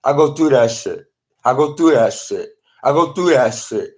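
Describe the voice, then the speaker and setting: Guy rambling into his phone, keeps repeating and restarting, mid-pitched voice. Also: animated, moderate pace. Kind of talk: rambling monologue to camera.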